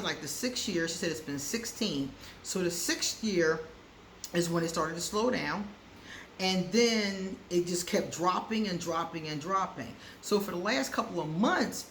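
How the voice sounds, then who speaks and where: A woman's voice: on the low side, a bit bright. A woman giving frank relationship advice to her viewers in a casual chat, laughing often and repeating words for emphasis. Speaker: astrology advice vlogger. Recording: roomy echo with faint background noise.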